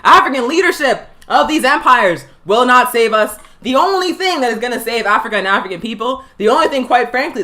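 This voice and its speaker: A woman hosting a live political education show, speaking with fiery emphasis and slowing down to hammer home her points. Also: mid-range voice, bright, forceful tone. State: tired. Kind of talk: impassioned political commentary. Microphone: livestream.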